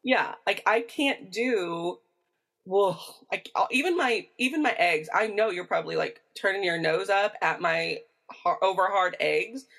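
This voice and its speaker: A woman with a Midwestern American accent co-hosts a relaxed podcast. She talks in a chatty, animated way and keeps wandering into side notes. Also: medium pitch, moderate pace, creaky. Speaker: podcast co-host. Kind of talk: casual chat.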